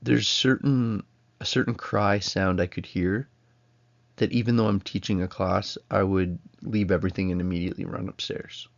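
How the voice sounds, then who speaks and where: A man's voice: low-pitched, fairly even intonation, normal speed, gravelly, muffled recording. A man, giving a casual recorded college lecture at home in a rambling, self-interrupting way. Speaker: college instructor.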